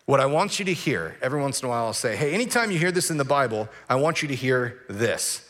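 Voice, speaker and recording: A pastor preaching a sermon, animated and acting out the voices of grumbling people. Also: male voice, medium pitch, quick pace. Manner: animated, acts out voices of complainers.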